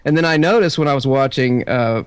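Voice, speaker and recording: A man's voice: medium pitch, a little fast, clean tone. A man, a guest voice actor, chatting casually on a podcast and slipping playfully into impressions.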